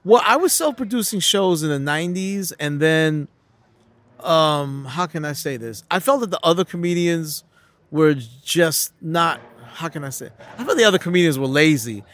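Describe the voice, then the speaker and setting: A man's voice: a little high, lively intonation, moderate pace, a bit bright, no echo. A middle-aged man from New City, telling stories as a comedian guest in a casual interview, acting out quotes with frequent restarts. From New York City.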